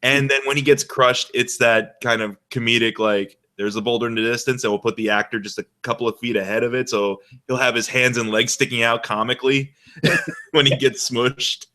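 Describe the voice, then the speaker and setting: A man's voice: medium pitch, fairly even intonation, normal speed, pushed and bright. A man hosting a casual movie chat, laughing often and talking enthusiastically with lots of "like". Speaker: podcast host.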